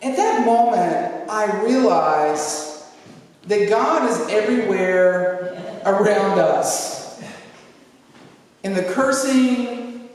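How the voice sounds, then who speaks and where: A woman pastor telling a humorous story in a sermon, acting out what people said in a lively way. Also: mid-range voice, extremely slow, long pauses, slight background noise. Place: large church sanctuary. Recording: echoey hall from far off.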